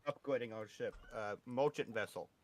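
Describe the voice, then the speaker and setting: A man's voice: lowish voice, brisk, a crowd in the background. A man playing a tabletop game, speaking in a hesitant way with lots of fillers. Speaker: player. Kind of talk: casual chat at a game table.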